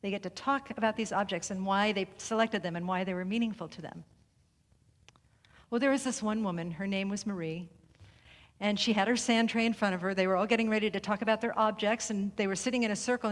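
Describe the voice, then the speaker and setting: A woman delivering a sermon through a story, speaking in a measured, deliberate way with long pauses and softened phrases. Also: mid-range voice. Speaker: speaker at a spiritual center service. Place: sanctuary hall. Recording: reverberant hall recording.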